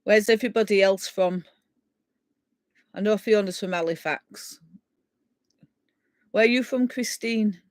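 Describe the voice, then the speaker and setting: A woman's voice: mid-range voice, a little slow, long pauses, no echo. A middle-aged woman with a Yorkshire accent, rambling and laughing in a casual chat with viewers as she hosts a live stream. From England. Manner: rambling and chatty, laughing as she reads out comments.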